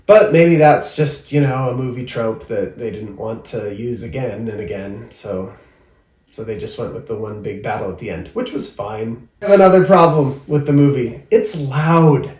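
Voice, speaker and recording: A man's voice: mid-range voice, moderate pace, darkish tone. A man co-hosting a casual movie review, chatty and rambling, often laughing. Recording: roomy, mic at a distance.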